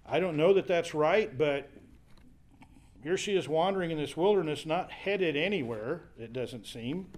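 A man's voice: on the high side, normal speed, a little mellow. A man teaching a Bible study class, explaining scripture conversationally while thinking aloud. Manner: thinking aloud with fillers and restarts, paraphrasing scripture.

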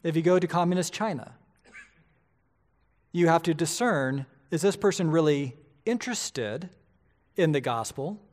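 A middle-aged man, a pastor, preaching a sermon in a lively, conversational way, often asking the congregation rhetorical questions. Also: fairly high pitch.

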